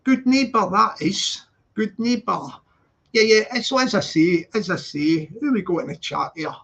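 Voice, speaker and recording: A man chatting casually on a live stream from his flat, repeating phrases and laughing a lot as he greets viewers. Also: high-pitched, a little slow, vocal fry, muffled recording. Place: flat with balcony door open.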